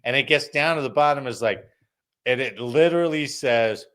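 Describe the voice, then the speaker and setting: A man's voice: medium pitch, normal speed. A man hosting a weekly news and variety podcast, telling a story in casual chat and swearing freely. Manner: profane, animated storytelling. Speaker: podcast host.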